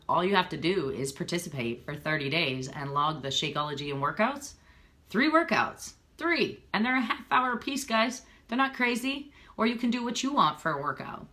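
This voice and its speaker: Talking to her live-stream viewers through a phone or webcam, this woman in her thirties, a fitness coach, is casual, earnest, persuasive and slightly emotional. She has a deep voice with a sharp tone.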